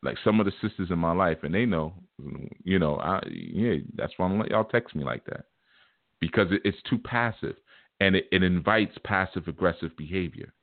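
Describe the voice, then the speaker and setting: A man's voice: low voice, lively intonation, moderate pace, no room sound. A man, talking as a spiritual teacher in a loose, conversational way that keeps coming back to "you know". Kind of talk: casual spiritual talk. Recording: tinny, phone-like, very dry.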